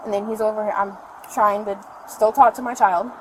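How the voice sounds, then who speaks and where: Heard on noisy outdoor body cam footage near a store parking lot, a mother under arrest breathlessly rambles through her account to police. Her medium-pitched voice holds a steady tone and runs a little fast.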